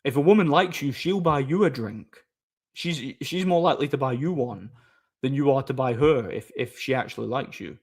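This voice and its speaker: A man's voice: medium pitch, normal speed, husky. A man chatting casually on a live stream, reading viewer messages aloud, rambling with repeated words and frequent laughter.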